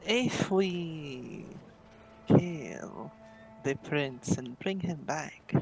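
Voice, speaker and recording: A man playing a tabletop game who talks slowly and with measure. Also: on the high side, animated, creaky, soft background music, rough recording. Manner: slow and measured. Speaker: player.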